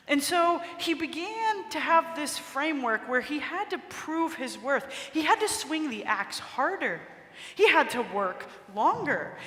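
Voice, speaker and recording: A woman preacher delivers a sermon in a conversational, expressive storytelling manner. Her voice sits high and bright. It carries a long, roomy reverb from a large cathedral.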